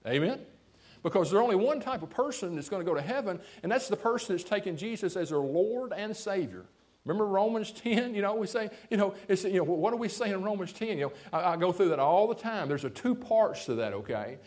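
A man's voice: high-pitched, fairly quick. A man preaching a sermon as a pastor, talking straight to the congregation and checking in often with "see?" and "okay?". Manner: lively preaching with frequent "see?" and "okay?" asides.

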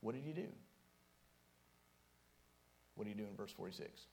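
A man's voice: lowish voice, expressive, moderate pace, darkish tone, a little hiss or hum. A man preaching a sermon as youth pastor, casual and joking at times, with strong emphatic rises.

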